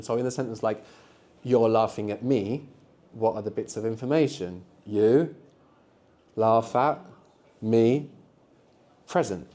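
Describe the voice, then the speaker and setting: Male language teacher running a live classroom workshop, warm mellow tone, encouraging, keeps checking in with the group. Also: medium pitch. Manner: encouraging, quizzes the group with frequent tag questions. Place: classroom with students.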